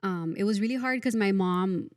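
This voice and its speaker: A woman in her thirties, a guest counselor on a podcast, talking candidly and softly. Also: mid-range voice, moderate pace, clear, resonant tone, dry recording, clean studio sound. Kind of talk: casual conversation.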